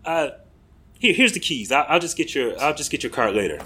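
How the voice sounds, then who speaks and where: A man voicing an easygoing Irish landlord with an Irish accent, talking in an offhand, relaxed way. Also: fairly high pitch, a little fast, husky, pitched above the performer's own voice, heavily acted.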